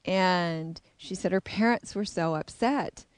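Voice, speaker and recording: A woman's voice: on the low side, takes it slowly, hardly any pauses, smooth, no room sound. A middle-aged woman, a self-described intuitive, candidly and reflectively telling a personal story. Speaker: intuitive, psychic.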